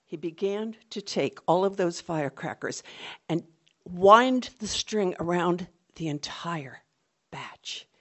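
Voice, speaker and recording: A woman's voice: lowish voice, expressive, slow pace. A woman telling a personal story on stage, vivid and dramatic.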